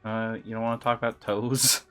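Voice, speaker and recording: A woman's voice: a bass voice, flat delivery, a little fast, fairly bright tone, clean tone. A woman streamer chatting casually while gaming, fumbling for words and giggling often.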